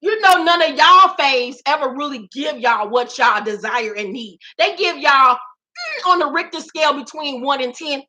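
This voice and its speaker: A woman with a high, sharp, bright voice hosts her own gossip vlog. She rants with heavy profanity and emphatic repetition. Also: lively intonation, normal speed. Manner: profane, emphatic, repeats lines for effect. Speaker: vlog host. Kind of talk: celebrity gossip rant.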